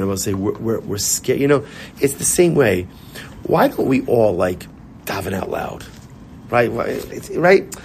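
A man giving an informal, animated Torah class in a synagogue, repeating his points and mixing in Hebrew and Yiddish terms. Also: on the low side, slight background noise. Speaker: rabbi.

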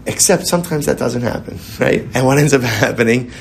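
A man's voice: medium pitch, a little fast, gravelly. Male Torah teacher, chatty and repetitive, rhetorical questions, Hebrew terms woven into English, faint hiss behind. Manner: conversational, repeats phrases, asks rhetorical questions. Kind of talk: Torah class.

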